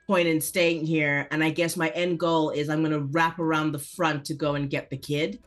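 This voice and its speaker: Lower-voiced woman planning her move. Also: level tone, moderate pace, soft background music. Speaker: player. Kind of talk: tabletop game play.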